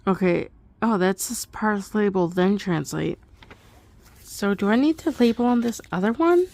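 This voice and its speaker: Slow, gravelly young woman thinking aloud. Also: medium pitch, animated, darkish tone, slight background noise. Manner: rambling, thinking aloud with fillers and little laughs. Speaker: homeschool student. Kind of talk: casual study update.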